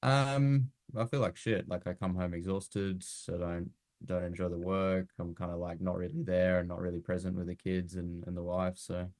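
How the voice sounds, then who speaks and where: Deep-voiced laid-back man. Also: level tone, moderate pace, hardly any pauses, darkish tone, no echo. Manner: laid-back, mumbled, blunt, swears. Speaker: roleplay prospect. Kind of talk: sales call roleplay.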